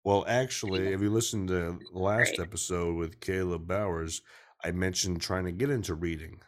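A man's voice: deep voice, steady tone, moderate pace. A man hosting a podcast over a video call, rambling casually, swearing often and cutting himself off mid-sentence. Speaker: podcast host.

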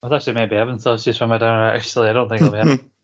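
A man co-hosts a podcast in loose, rambling chat, laughing often and swearing casually. His delivery stays flat and even in pitch. The sound is a touch dull and lo-fi. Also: very fast. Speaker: podcast co-host. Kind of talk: casual chat about a TV show.

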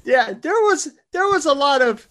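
A middle-aged man co-hosting a casual movie review chat, animated and laughing often as he acts out quotes. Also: extremely high pitch, moderate pace. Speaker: podcast co-host.

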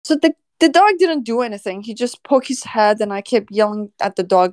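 A woman animal services officer recounts a story in a casual podcast chat, her voice sitting high. She laughs often as she goes, and the sound is close and dry. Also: big pitch swings, fairly quick, few pauses, dry recording.

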